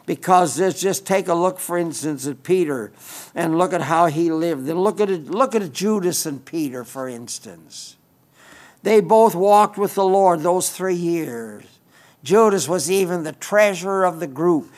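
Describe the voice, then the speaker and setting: Man giving a sermon, kinda high voice, earnest, repeats himself for emphasis. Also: lively intonation, a little slow. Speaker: preacher.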